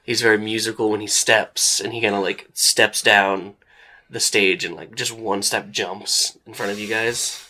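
A man's voice: lowish voice, steady tone, unhurried, bright, forceful tone, a little hiss or hum. A young man narrating as game master of a tabletop horror game, casual and loose with many "like" fillers.

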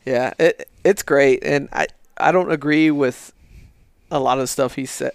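A man's voice: medium pitch, fairly even intonation, unhurried, vocal fry, clean tone, no echo, studio quality. A man co-hosting a podcast in loose, casual chat, swearing freely and laughing often. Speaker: podcast co-host.

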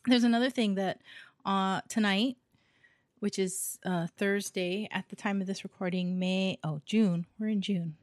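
A woman's voice: medium pitch, a little slow, no room sound. Chatty woman with a dry close sound. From Hawaii. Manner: chatty, laughs often, trails off with fillers. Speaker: podcast co-host. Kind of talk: casual chat.

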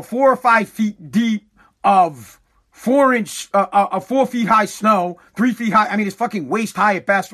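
A fed-up man, swearing freely as he rants through a long casual monologue. His voice sits notably high for a man, and his delivery is emphatic and exasperated. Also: a bit bright. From New England. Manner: exasperated, profane, emphatic ranting.

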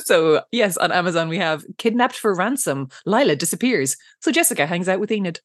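Laughing, animated woman co-host. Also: fairly low pitch, brisk, no room sound, studio quality. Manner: enthusiastic, laughs often, playful remarks. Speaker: podcast co-host. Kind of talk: casual chat reviewing an episode.

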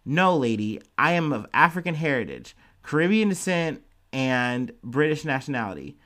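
A man's voice: fairly high pitch, animated, moderate pace, fairly bright tone. A man reading the curt, exasperated replies of a British woman of African heritage who stands her ground.

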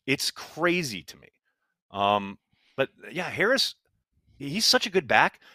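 A man's voice: mid-range voice, very animated, slow, bright, forceful tone, no echo. A man co-hosting a casual sports podcast, talking emphatically with frequent exclamations. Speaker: podcast co-host.

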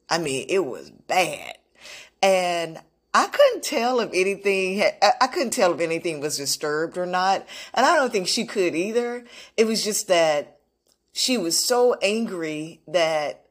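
A woman speaks in a slightly low voice, sharing a personal story in an earnest, unscripted way. She pauses and restarts often as she thinks aloud. Her tone is reflective and direct. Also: very animated. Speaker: motivational vlogger.

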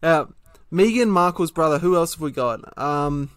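Australian comedy podcast co-host, sardonic and sweary, slightly high voice, dry close sound. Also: male voice, lively intonation, moderate pace, a bit bright, smooth, no room sound. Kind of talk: casual comedic chat.

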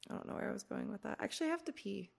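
A woman hosts a relaxed podcast, drifting from thought to thought in a self-deprecating, mildly stoned way. Her voice is full of heavy, gravelly fry, and she swears casually as she talks. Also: medium pitch, rapid-fire. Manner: loose, rambling, self-deprecating, curses casually. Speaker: podcast host.

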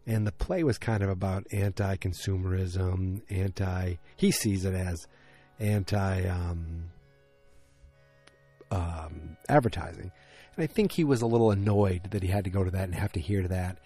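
Low mellow guy rambling through a podcast, lots of ums and restarts. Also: moderate pace, faint music behind. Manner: rambling, with frequent fillers and self-corrections. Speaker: podcast host recapping a TV episode. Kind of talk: casual chat.

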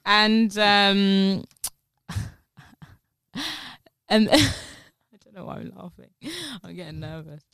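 A woman's voice: mid-range voice, takes it slowly, pauses often, fairly bright tone, clean tone, no echo. A young woman co-hosting a casual chat, giggly and chatty, slipping into playful voices.

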